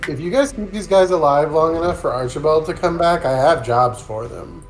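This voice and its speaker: A man's voice: a little high, a little fast, faint music behind. A man playing a tabletop game, asking polite questions. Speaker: player. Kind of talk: casual tabletop game chat.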